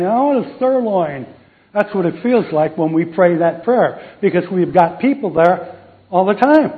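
A man preaching a sermon, joking and quizzing the congregation with questions. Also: high voice. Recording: tinny phone-like recording.

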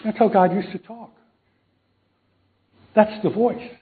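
A man's voice: high voice, steady tone, slow. A man preaching a casual sermon, telling a Bible story, acting out the voices and joking with the audience. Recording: tinny phone-like sound.

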